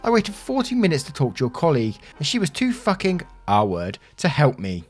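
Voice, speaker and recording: A man voicing an irate, entitled male caller who rants abusively and threatens, raising his pitch above his own voice. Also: animated, fairly quick, faint music behind, natural voice. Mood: furious. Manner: ranting, abusive, self-important.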